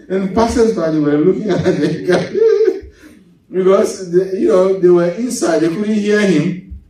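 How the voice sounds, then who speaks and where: A man preaching a sermon as pastor, lively, going from loud to hushed and laughing as he tells stories. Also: high voice, measured pace. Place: church. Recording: echoey church hall, mic at a distance.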